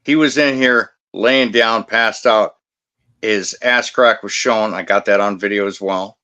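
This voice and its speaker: A man's voice: lowish voice, a little slow, sharp tone. A man in his fifties who works as a security guard, telling a story in blunt, profane, combative casual talk. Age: 50s.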